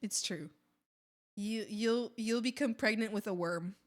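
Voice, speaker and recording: A woman's voice: mid-range voice, a little slow. A woman streamer chatting casually with her viewers while she draws, giggling and playful, often rambling and restarting. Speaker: art streamer.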